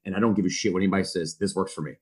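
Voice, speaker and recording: A man in his thirties, a football coach on a podcast, telling stories in a profane, self-mocking, animated way. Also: sits low, very fast. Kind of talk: casual storytelling chat.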